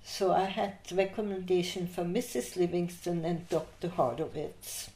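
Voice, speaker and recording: An older woman recounting her memories in an interview, telling lively anecdotes and laughing through her stories. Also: on the low side, moderate pace. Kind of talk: oral history storytelling. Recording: echoey room.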